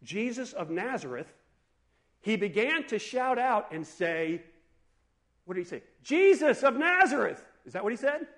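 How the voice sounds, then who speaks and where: A man preaching a sermon in an animated, conversational way, asking his listeners questions. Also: sits high, moderate pace, pauses often. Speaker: pastor.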